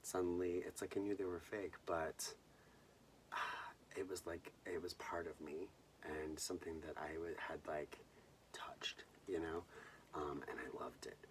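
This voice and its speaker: A young man from Southern California hosting a bedtime movie vlog, telling a personal story in a soft, hushed way that often drops to a whisper. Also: sits low, level tone, a little slow, far from the mic, slight background noise. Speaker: host.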